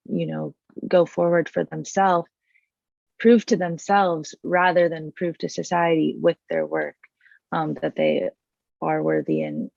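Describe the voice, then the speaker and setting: A young woman student moderating a panel over a video call, asking her question in a polite, steady, slightly rushed way. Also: lowish voice, gravelly, no echo. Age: young adult. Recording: muffled, dry video call audio.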